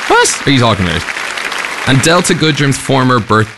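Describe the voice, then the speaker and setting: A man's voice: medium pitch, big pitch swings, normal speed, vocal fry, a loud crowd, heavy background noise. A man with an English accent hosting a casual radio show, playful and teasing. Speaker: radio host. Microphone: studio microphone.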